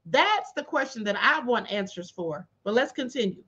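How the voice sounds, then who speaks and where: A woman's voice: on the high side, lively intonation, normal speed, bright, forceful tone, slightly rough, highs cut off. A woman hosting a live stream, giving chatty, opinionated commentary and talking straight to her viewers. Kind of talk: casual commentary.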